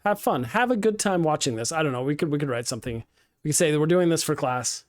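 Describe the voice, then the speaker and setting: A man's voice: a little high, expressive, fast. Upbeat man teaching live streaming. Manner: casual, upbeat, many ums and restarts. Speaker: game streaming instructor. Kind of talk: live-streamed class walkthrough.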